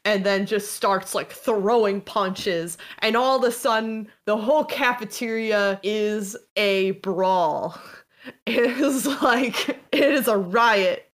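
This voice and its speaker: A woman's voice: medium pitch, slow pace. A woman narrating a tabletop game as game master, playful and given to laughing.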